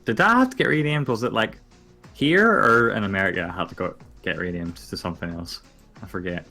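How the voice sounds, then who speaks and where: Young man, very low voice, laid-back, sweary, casual chat. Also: a little fast, sharp tone, soft background music. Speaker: podcast co-host.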